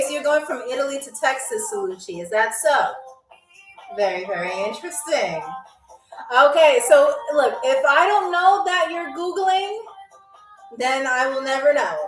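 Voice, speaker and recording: This is a woman's high-sitting, fairly bright voice as she hosts a live game show, poking fun at viewers and reading out their comments while repeating words in a drawn-out way. She sounds far away and a little off-mic in an echoey room, over faint music.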